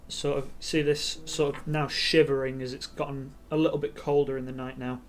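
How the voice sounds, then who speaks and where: Hesitant game master narrating loosely. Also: male voice, mid-range voice, flat delivery, moderate pace, slight background noise. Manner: loose, hesitant narration full of ums and "sort of". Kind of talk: narrating a tabletop game on stream.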